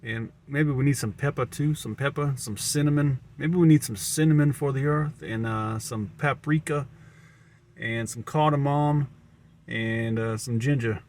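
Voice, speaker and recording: Speaking a little slowly, the vlogger has a mid-range voice with a darkish tone and a Southern American accent. He thinks out loud to the camera in a meandering, stream-of-consciousness monologue, often restarting and repeating words.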